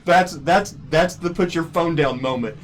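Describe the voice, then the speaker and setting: A man's voice: on the high side, measured pace, a little hiss or hum. A man hosting a casual interview show, teasing his guest and laughing often. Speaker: host.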